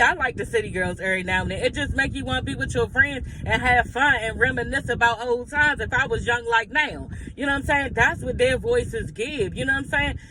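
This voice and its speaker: A man's voice: extremely high pitch, noisy background. A man giving a sassy, blunt, profanity-laced recap of reality TV drama in casual gossip style.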